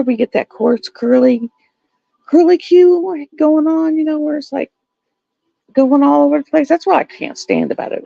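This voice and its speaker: A middle-aged woman, hosting a livestream and telling stories in a casual, animated way. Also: high-pitched, creaky, no room sound. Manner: animated storytelling with laughs. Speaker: livestream host. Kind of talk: casual chat. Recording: dull lo-fi dry sound.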